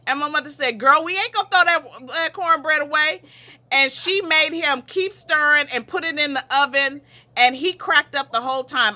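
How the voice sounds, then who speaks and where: A woman with a bright, forceful voice pitched a little high tells family stories in a loose, chatty way. She laughs as she goes and drifts into side tracks before finding her way back. She is speaking on a video call from home. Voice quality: laughs often while telling, digresses. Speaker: relative sharing memories at a memorial. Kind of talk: casual storytelling.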